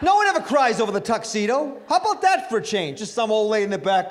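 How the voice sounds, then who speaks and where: A man's voice: sits high, very animated, fast talker. A middle-aged man doing a stand-up comedy set on stage, self-mocking and chatting with the crowd. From Italian-American family.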